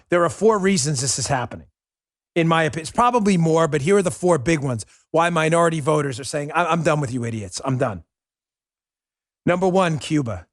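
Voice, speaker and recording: Brief: ranting male show host, slightly high voice, dead-dry studio mic. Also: no room sound. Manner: combative, ranting, mocking. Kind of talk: political commentary show.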